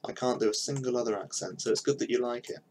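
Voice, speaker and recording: A man's voice: medium pitch, fast, darkish tone, slight background noise, low-quality recording. A young man thinking aloud in casual commentary while he builds a game map on a live stream, with mumbled asides as he works.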